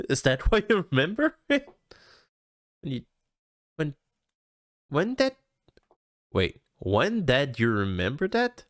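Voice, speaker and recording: A man's voice: on the high side, wildly swooping pitch, takes it slowly, long pauses, no echo, studio quality. A man from Canada giving chatty let's-play commentary, laughing often as he reads the game and reacts. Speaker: gaming streamer.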